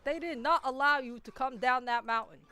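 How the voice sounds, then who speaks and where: A woman's voice: high voice, brisk, bright, forceful tone, smooth. A woman doing an impression of a ranting older male senator, nasal and emphatic like a stump speech. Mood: indignant.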